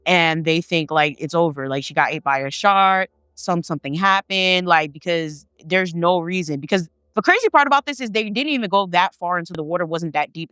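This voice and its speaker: A woman tells a family story in a loose, animated way, swearing freely and slipping into her relatives' voices. Her voice is bright and crisp. The sound is dry and close. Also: lowish voice, dry recording. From Haitian family. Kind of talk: casual storytelling.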